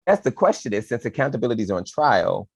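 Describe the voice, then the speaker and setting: A man's voice: mid-range voice, sing-song, quick pace, music in the background. A man co-hosting a podcast, casually and animatedly talking politics with playful asides to his co-host.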